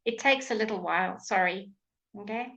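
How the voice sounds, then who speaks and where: A woman with a British accent teaching English pronunciation in a live online class, enunciating words slowly and clearly, with frequent fillers. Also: medium pitch, fairly bright tone, poor audio. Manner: slow, clear, drawn-out enunciation with many fillers. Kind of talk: live online language lesson.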